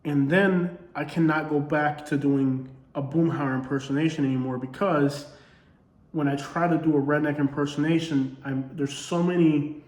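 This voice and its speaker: A man's voice: on the high side, fairly even intonation, normal speed, darkish tone, echoey room. A man with a Southern accent, a comedy creator speaking in a casual commentary monologue, earnest and full of rhetorical questions. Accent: Southern US, Alabama-tinged.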